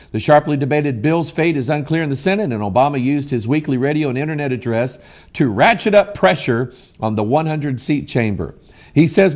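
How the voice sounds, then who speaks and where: A middle-aged man from the United States, a preacher and broadcast host, reads news articles aloud on air and comments on them passionately. His voice is a little high and a little mellow.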